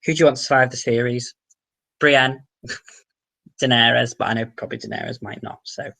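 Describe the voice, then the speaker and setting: His mid-range voice is creaky with a sharp edge, and he keeps a steady tone at a moderate pace. This Wirral man with a Merseyside accent hosts a casual livestream Q&A, reading out and answering viewer comments and swearing now and then.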